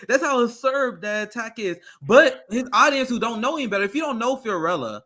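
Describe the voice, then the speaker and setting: Bright, energetic man hosting. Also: extremely high pitch, moderate pace. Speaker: host. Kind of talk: casual political podcast chat.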